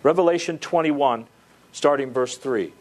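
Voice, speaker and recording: A man's voice: mid-range voice, measured pace, a little mellow. A male pastor preaching a sermon, earnest and stretching key words for emphasis.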